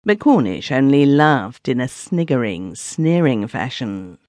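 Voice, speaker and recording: A man's voice: mid-range voice, very animated, unhurried, a little mellow, no room sound. A man narrating a first-person story for an audiobook in a dramatic storytelling manner, on a close studio microphone.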